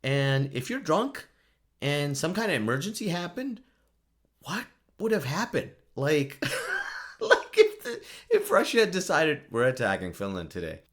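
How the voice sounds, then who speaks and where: A man's voice: sits high, wildly swooping pitch, measured pace. A man hosting a solo podcast, rambling and joking, laughing often at his own remarks. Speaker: podcast host.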